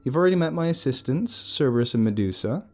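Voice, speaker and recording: A male narrator voicing a brash, teasing young woman who works as a tour guide, bossy and sharp-tongued. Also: medium pitch, animated, fast talker, soft background music, pitched above the performer's own voice, close to an everyday voice.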